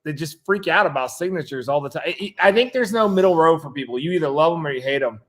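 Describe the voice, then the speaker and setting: A man co-hosting a casual chat, playful and joking, quick to get excited. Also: on the high side. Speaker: co-host. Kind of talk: casual chat about comics.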